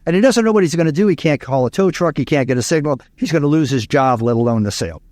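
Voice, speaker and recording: A man's voice: a little high, lively intonation, fast talker, darkish tone, no room sound. A man from Louisiana, a speaking coach telling stories in an interview, emphatic and repeating key lines. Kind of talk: interview storytelling.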